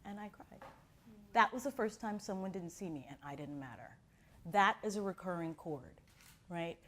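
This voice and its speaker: A middle-aged woman from Miami leads an acting class. She talks at an even pace with a lively, swooping pitch, and she keeps breaking into little acted scenes. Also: moderate pace, slight background noise. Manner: expressive storyteller who acts out quotes. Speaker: acting teacher. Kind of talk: animated class talk with acted-out anecdotes.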